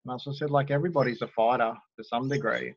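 A man's voice: mid-range voice, fairly even intonation, very fast, no echo, highs cut off. A man hosting a podcast, easygoing and encouraging as he chats with his guest. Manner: easygoing, encouraging, laughs along. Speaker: podcast host. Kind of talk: casual podcast conversation.

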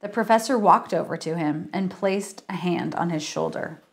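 A woman's voice: on the low side, normal speed, gravelly. A woman author reading her mystery story aloud on a livestream and chatting with viewers. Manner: chatty, laughs at herself.

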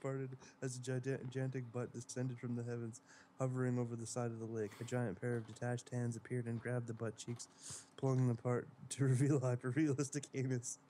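A man's voice: medium pitch, flat delivery, fairly quick, warm tone, a little hiss or hum. A man reading a silly story aloud to friends, giggling as he goes. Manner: giggling through the lines. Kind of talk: comedic dramatic reading among friends.

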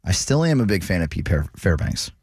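A man's voice: deep voice, big pitch swings, fairly quick, a little mellow, husky, dry recording, studio quality. Blunt, sarcastic male radio co-host. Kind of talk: sports radio commentary. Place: radio studio.

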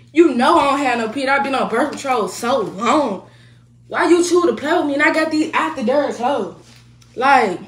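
High-voiced woman ranting on a live stream. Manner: heated, profane, repeats herself, laughs between jabs. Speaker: livestreamer. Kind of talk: casual live-stream rant. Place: indoors at home. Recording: echoey room.

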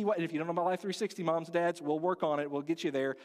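A man's voice: high voice, steady tone, quick pace, few pauses, in a large hall. A man preaching a sermon as pastor, earnest and conversational, asking the congregation direct questions. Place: church sanctuary.

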